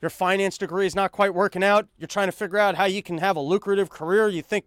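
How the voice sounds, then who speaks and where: A man's voice: high-pitched, fairly even intonation, fast talker, fairly bright tone, dry recording, clean studio sound. A man hosting a comedic news monologue, rambling and sarcastic, talking while he paces on a treadmill. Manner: rambling, sarcastic, full of fillers and restarts; talks while pacing on a treadmill. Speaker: podcast host.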